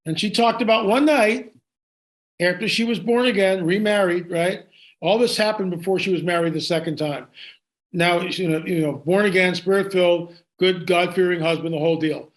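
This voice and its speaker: High-voiced man telling a story excitedly. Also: normal speed. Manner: excited, with frequent restarts and asides. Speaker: guest. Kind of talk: animated storytelling in an interview.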